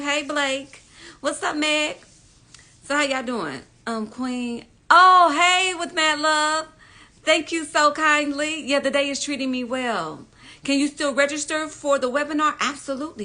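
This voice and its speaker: A woman hosting a casual live stream, greeting viewers by name and talking with warm, emphatic repetition. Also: sits high.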